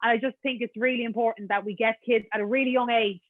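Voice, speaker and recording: A woman's voice: fairly high pitch, fairly even intonation, fast talker, no echo. A woman host, interviewing in a friendly, affirming way over a video call. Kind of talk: casual interview chat. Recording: dry, phone-like video call audio.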